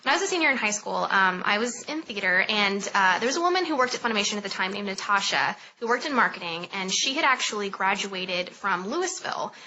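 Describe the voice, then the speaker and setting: A woman's voice: mid-range voice, animated, fast talker, few pauses, bright, forceful tone, slight background noise. A young woman, a podcast guest, telling a long story in a chatty way full of fillers and quoted dialogue. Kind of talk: casual storytelling. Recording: dull lo-fi recording.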